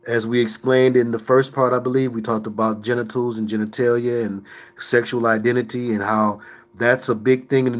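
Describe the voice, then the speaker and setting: A man's voice: medium pitch, fairly bright tone. A man hosting a livestream, answering viewer questions in an emphatic, preachy way with mocking asides.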